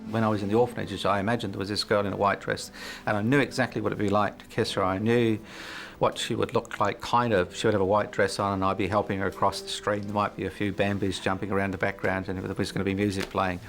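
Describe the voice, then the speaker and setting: A middle-aged New Zealander recounts his life story as an interview guest, reflective and hesitant, full of fillers and frequent chuckles. His lowish voice has little pitch movement and moves at a quick pace. Music plays in the background.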